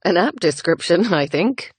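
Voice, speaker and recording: A woman voicing a calm young gentleman in a romance audiobook, slow and soft-spoken. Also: on the low side, husky, dry recording. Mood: amused.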